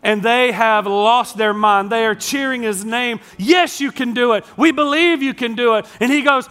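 A man preaching a sermon as pastor, dropping to hushed lines and then building up loud as he tells a story. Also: very high-pitched, normal speed, few pauses, faint music behind.

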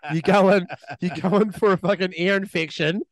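A man's voice: high-pitched, fairly even intonation, brisk, a crowd in the background. A New Zealand man co-hosting a podcast, trading crude jokes and banter in a casual chat. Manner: crude, joking banter with funny voices. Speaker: podcast co-host. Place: resort room, in person.

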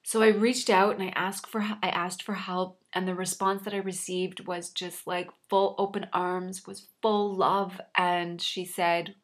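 A woman's voice: lowish voice, level tone, unhurried, hardly any pauses. A woman coach sharing a personal story in an earnest, reflective way, with a slight frog in her throat. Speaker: life coach.

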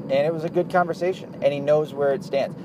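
A blunt, swearing man in his thirties rambles on about being a dad, full of "uh" and "you know." His voice sits a little high for a man. Clear traffic and street noise run behind him outdoors. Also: fairly even intonation, quick pace. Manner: blunt, profane, rambling with many fillers. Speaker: dad vlogger. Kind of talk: casual monologue to camera.

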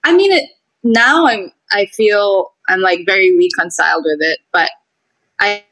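A woman from Singapore sharing her experiences in a casual chat, telling stories in a lively, expressive way. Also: medium pitch, measured pace, no echo, rough recording. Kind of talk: casual conversation.

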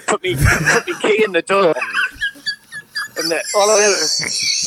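A man's voice: a little high, moderate pace, background noise. Man spinning rambling stories. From Durham, North East England. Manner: rambling, swearing, laughing at his own stories. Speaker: chef. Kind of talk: casual storytelling chat between old friends.

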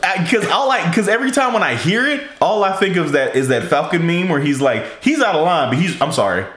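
A man hosting a casual podcast chat, animated and laughing often, restarting his sentences as he goes. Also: high-pitched, brisk, roomy sound. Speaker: podcast host.

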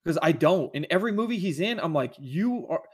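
A man's voice: fairly high pitch, animated, fast, slightly rough. A man chatting casually about movies as a podcast co-host, rambling and enthusiastic, with many restarts.

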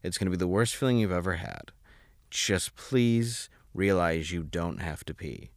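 A man retelling a careful soft-spoken nurse. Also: low voice, animated, moderate pace, no room sound, studio quality. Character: calm female hospital nurse giving warnings.

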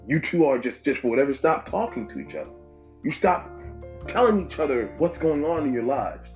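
A man's voice: mid-range voice, sing-song, a little fast, a little mellow. A man preaching informally as a pastor, emphatic and given to repeating phrases for stress. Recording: dull lo-fi with faint music.

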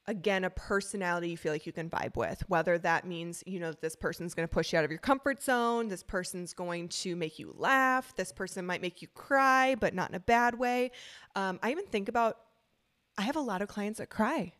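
A woman's voice: fairly low pitch, moderate pace, fairly bright tone. A young woman, a dog trainer co-hosting a podcast, talking frankly and chattily with many fillers. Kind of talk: casual podcast chat.

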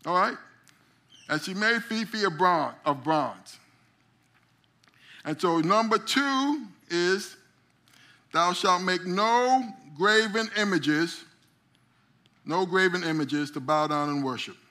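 Speaking slowly in a high voice with long pauses, a middle-aged teacher leads a memory drawing class. He's a lively storyteller who performs little tales with different voices as he teaches.

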